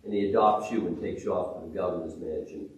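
A man preaching with restless energy, jumping from loud exclamations to quiet, reverent hushes and tripping over his own restarts. He sounds distant from the mic, and heavy echo fills the room. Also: sits low, fairly even intonation, quick pace. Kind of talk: sermon.

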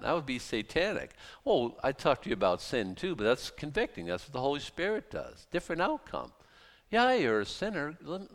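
A man preaching with a lively, swinging voice that climbs into emphatic bursts and drops back to quiet, earnest stretches. He repeats and restarts his phrases as he drives each point home, in the manner of a pastor addressing his congregation. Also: on the high side. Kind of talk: sermon.

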